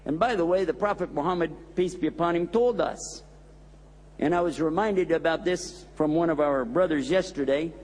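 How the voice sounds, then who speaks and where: An imam preaches to his listeners in an emphatic, storytelling way. His male voice sits high for a man. The sound carries a long hall reverb. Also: normal speed, darkish tone. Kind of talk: sermon with personal storytelling.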